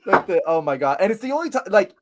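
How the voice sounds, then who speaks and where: A man's voice: high-pitched, very animated, quick pace, very noisy. A man co-hosting a podcast, talking casually with stammering restarts and frequent laughter. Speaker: podcast co-host. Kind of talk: casual chat.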